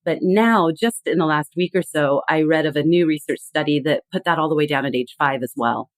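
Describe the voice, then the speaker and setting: A woman guest on a podcast, explaining with animated emphasis in a conversational tone. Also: deep voice, fairly quick, no echo. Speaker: guest expert.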